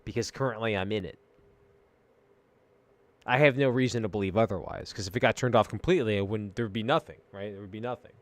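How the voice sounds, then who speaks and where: A man chatting casually as host, rambling and swearing as he muses, drifting between mumbles and loud rants. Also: fairly low pitch, quick pace, no echo. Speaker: streamer host. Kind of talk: casual stoned-sounding philosophical chat.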